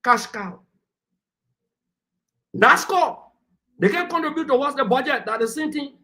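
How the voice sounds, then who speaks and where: High-voiced combative man. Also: expressive, a little slow, bright, forceful tone. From Liberia. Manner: combative, lecturing, talks over interruptions. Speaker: political panelist. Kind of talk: heated political debate.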